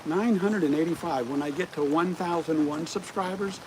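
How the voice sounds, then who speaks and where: A middle-aged man hosting a casual livestream outdoors, animated and always asking his viewers rhetorical questions. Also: fairly high pitch, normal speed. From United States. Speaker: livestream host. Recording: rain noise clearly audible outdoors.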